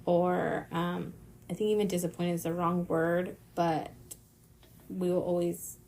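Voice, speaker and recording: A woman's voice: fairly low pitch, little pitch movement, unhurried, a little mellow. A woman co-hosting a casual podcast, talking hesitantly with many fillers. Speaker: podcast co-host. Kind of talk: casual chat.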